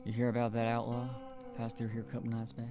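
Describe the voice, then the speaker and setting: A man playing a secretive cowboy townsman in an amateur film, speaking low in a hushed put-on cowboy drawl as if afraid of being overheard. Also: monotone, quick pace, over music, lightly acted. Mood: hushed gossip.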